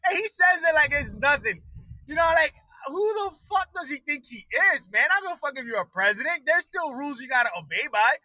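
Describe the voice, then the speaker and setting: A man with a very high, piercing voice rants on his own livestream, swearing freely and laughing between his jabs. The sound is close and completely dry, with no room around it. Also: sing-song, a little fast, sharp tone, no room sound, rough recording. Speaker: livestream host. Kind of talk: profane political rant.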